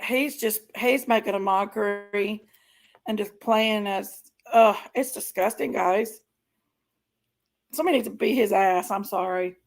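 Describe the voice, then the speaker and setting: A woman's voice: medium pitch, measured pace, gravelly. A woman hosting a live stream, reacting to videos with indignant, exasperated commentary to her chat. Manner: indignant, exasperated, keeps apologizing to viewers.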